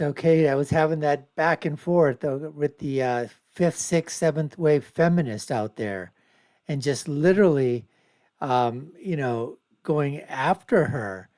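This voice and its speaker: A man's voice: a little high, a little mellow. Rambling male show host. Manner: rambling, repetitive, emphatic. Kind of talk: casual commentary on video clips.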